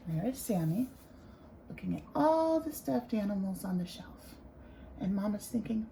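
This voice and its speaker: A woman who teaches preschool, leading circle time with young children in a slow, encouraging singsong. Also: medium pitch, animated, vocal fry, dark tone, slight background noise, rough recording.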